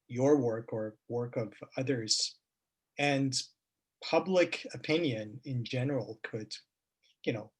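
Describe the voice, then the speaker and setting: A man's voice: medium pitch, takes it slowly, husky. Hesitant man hosting a virtual talk. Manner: hesitant, many fillers and restarts. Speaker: host of a virtual meetup. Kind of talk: asking interview questions.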